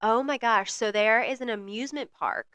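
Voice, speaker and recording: A woman's voice: on the high side, normal speed, sharp tone, clean tone, no echo. A woman co-hosting a book podcast, chatting animatedly and telling stories in a casual way. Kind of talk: casual chat.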